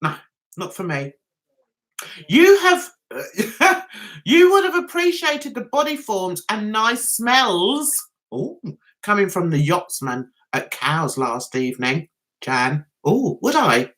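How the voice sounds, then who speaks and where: A woman's voice: medium pitch, lively intonation, slow pace, a bit bright. A middle-aged British woman hosting a casual live-stream chat, reading out viewers' comments and laughing at herself. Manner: giggly, chatty, often laughs at herself.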